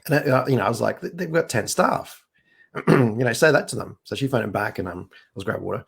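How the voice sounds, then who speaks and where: A man, telling his business story in a casual, animated way and acting out what others said. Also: lowish voice, fast, gravelly, breathy edge. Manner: animated, acts out quoted voices. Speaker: business owner guest.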